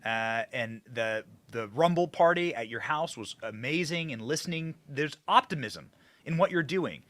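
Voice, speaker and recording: A man's voice: medium pitch, expressive, moderate pace, a bit bright, dry recording. A man hosting a political podcast interview, talking emphatically and hitting his stresses hard. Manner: emphatic, rising to punchy stresses. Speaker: podcast host.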